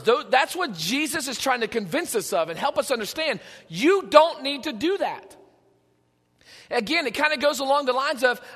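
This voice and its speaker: Male pastor, high bright voice, lively preaching with jokes, reverberant hall. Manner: animated, conversational preaching with joking asides. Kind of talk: sermon. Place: church sanctuary.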